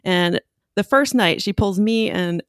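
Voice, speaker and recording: A woman tells a story in a relaxed, chatty way. Her voice leaps up whenever she quotes someone else. The sound is dry and close to the mic. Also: measured pace, dry recording. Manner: animated, acts out quotes with big pitch jumps. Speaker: podcast guest. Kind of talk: casual storytelling.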